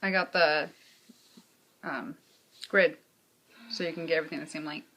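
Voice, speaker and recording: Bright-voiced woman podcast co-host. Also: low-pitched, fairly even intonation. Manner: supportive, quick interjections. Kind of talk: casual chat.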